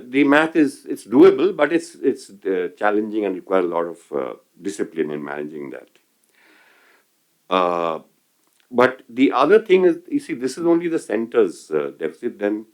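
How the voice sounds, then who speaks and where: An older man with an Indian English accent speaking as an economist on a panel, measured and full of hesitations and restarts. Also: lowish voice. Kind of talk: panel discussion remarks.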